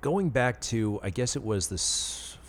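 A man hosting a podcast, telling a story casually and haltingly with many fillers and small laughs. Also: mid-range voice, lively intonation, a little hiss or hum. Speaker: podcast host.

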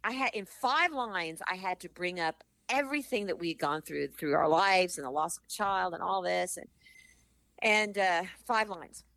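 A middle-aged woman, an actress and author, telling animated stories in an interview and acting out the people she quotes. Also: lowish voice, moderate pace, vocal fry, no echo. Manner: animated storyteller, acts out quotes. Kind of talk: interview conversation.

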